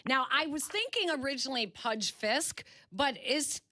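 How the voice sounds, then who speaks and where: A woman hosting a sports radio show, quizzing a guest in a brisk, playful way. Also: high voice, animated, sharp tone, no room sound, studio quality. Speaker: radio host. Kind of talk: casual sports talk interview.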